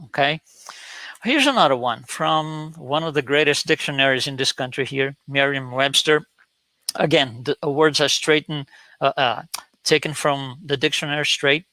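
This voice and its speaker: A man's voice: a little high, bright, forceful tone, no echo, low-quality recording. A man presenting an online talk with slides, telling a story with many hesitations and repeated words.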